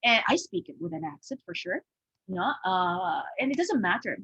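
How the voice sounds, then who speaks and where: A woman's voice: on the low side, big pitch swings, moderate pace, a bit bright, slightly rough, no room sound, poor audio. A woman with a Filipino accent giving an informal presentation on language learning, tagging her points with "okay?" and "no?" and using many fillers.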